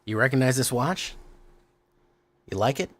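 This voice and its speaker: A man's voice: medium pitch, lively intonation, unhurried, a bit bright. A man hosting a live stream, chatting loosely with his viewers, greeting them by name and muttering at his camera as he goes. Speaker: streamer host.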